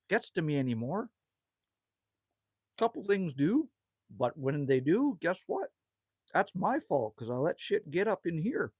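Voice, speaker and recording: A man with a somewhat high, husky voice chats casually on a live stream from outside a cabin. His pitch jumps around a lot as he answers viewers in a laid-back way and keeps calling them man or buddy. The sound is dry and close. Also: darkish tone, dry recording. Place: outdoors at a rural cabin.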